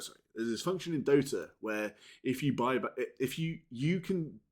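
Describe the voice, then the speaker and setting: A man hosting a gaming channel, chatting casually and unscripted to his viewers, rambling with frequent restarts and casual swearing, swinging between loud and muttered. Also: lowish voice. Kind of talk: casual unscripted chat to camera.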